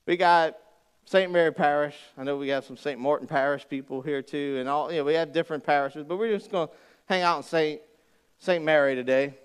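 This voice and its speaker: Folksy high-voiced pastor. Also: male voice, brisk, smooth. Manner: folksy, joking, animated storytelling. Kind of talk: sermon.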